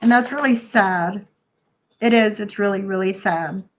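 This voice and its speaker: A woman's voice: medium pitch, unhurried. A woman hosting a live stream, chatting casually and thanking viewers as she reads their comments. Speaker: livestream host.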